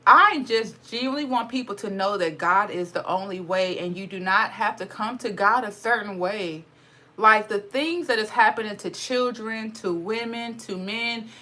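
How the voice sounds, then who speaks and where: Blunt, bright-voiced woman on the verge of tears. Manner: blunt, swearing, emotional, near tears; mocks others in high sarcastic voice. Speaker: spiritual vlogger. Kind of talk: impassioned casual monologue.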